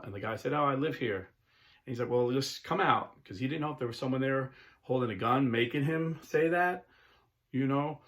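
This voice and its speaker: A middle-aged man hosting his own channel, talking casually through a political monologue with many restarts and fillers. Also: mid-range voice. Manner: rambling storytelling with frequent restarts and fillers. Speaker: channel host.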